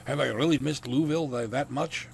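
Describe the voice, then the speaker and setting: A man voicing a portly, old-fashioned vampire gentleman with a Southern US accent, florid and courtly. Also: mid-range voice, a little fast, gravelly, slight background noise, voice pushed up, natural voice.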